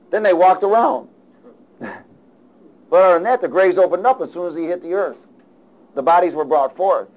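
A man's voice: fairly high pitch, rough recording. Man preaching with call-and-response. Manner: call-and-response, rises loud and falls soft. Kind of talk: sermon; reading scripture aloud.

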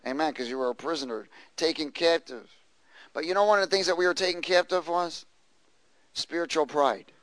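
Speaking a little fast in a slightly high, fairly bright voice, a pastor reads scripture aloud and gets his congregation to respond and repeat after him. There's no room sound, and the recording is rough.

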